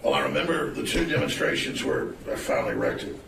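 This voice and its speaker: A man with a deep, gravelly voice giving argumentative testimony as a trial witness. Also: huge pitch swings, fast. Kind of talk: courtroom testimony. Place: courtroom. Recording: echoey courtroom, distant mic, noisy.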